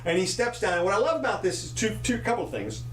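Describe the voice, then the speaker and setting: A man co-hosting a casual political chat show, animated and sarcastic, talking in quick bursts. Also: high voice. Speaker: co-host. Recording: roomy echo.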